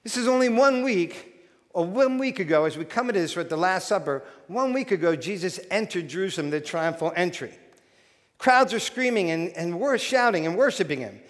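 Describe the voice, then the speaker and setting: High-voiced pastor preaching in an echoing hall. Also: male voice, brisk. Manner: animated storytelling with frequent restarts. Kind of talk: sermon. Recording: long hall reverb.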